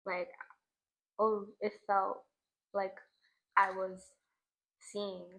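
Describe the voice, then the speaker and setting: A woman's voice: medium pitch, little pitch movement, drawn-out words, vocal fry, fairly bright tone, rough recording. A young woman talking to the camera outdoors at a scenic view at sunset, reflective and emotional, with lots of "like" fillers. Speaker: vlogger. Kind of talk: casual spiritual vlog monologue. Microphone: camera in front of her.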